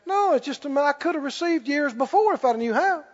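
A male preacher with a high, lively voice, telling his story with chuckles and sudden loud prayer bursts. He sounds like he is in a big hall with a long reverb, and the recording is dull and lo-fi. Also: brisk. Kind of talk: sermon.

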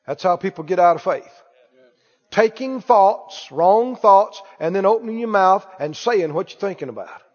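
A man preaching a lively sermon, calling out to the congregation and acting out anxious voices. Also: high voice, normal speed. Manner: animated, calls for responses, acts out worried voices. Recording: dull echoey hall recording.

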